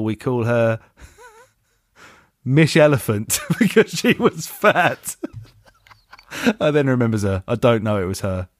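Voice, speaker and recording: A podcast host with a medium-pitched voice reads a listener's email aloud in a clean studio with no room sound. He keeps cracking up, breaking into giggles again and again as he reads.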